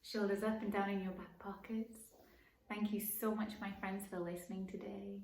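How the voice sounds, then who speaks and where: A woman teaching young children at circle time, gently encouraging them and slowly singing and counting along. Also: mid-range voice, little pitch movement, noisy background. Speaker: preschool teacher. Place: home room, live stream. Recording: echoey room.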